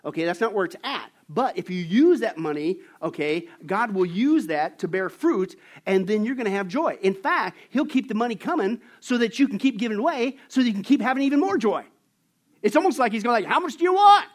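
A man preaching a sermon, emphatic and animated as he tells stories. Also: sits high, a little fast. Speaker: pastor.

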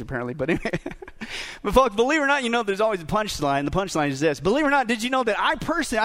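Preach as a middle-aged pastor: keep your voice up high and let it swing widely, tease the room and keep asking them questions. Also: male voice, fairly bright tone. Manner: jokey, asks the crowd questions. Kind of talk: sermon.

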